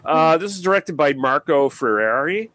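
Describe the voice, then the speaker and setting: A man's voice: a little high, expressive, moderate pace, a bit bright. A man co-hosting a movie podcast in casual chat, loose and rambling, with many fillers and trailing remarks. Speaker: podcast co-host.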